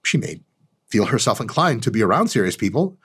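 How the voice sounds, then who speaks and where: A man's voice: fairly quick, husky. A man delivering a comedic advice monologue as host, mock-arrogant, boastful and profane. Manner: lively, animated delivery with big pitch jumps. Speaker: channel host.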